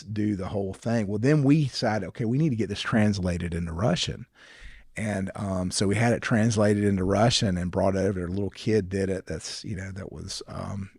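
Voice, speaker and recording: A man, a ministry founder and guest, sharing stories in an earnest, animated way, often restarting his sentences. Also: lowish voice, no echo, studio quality. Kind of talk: conversational storytelling interview.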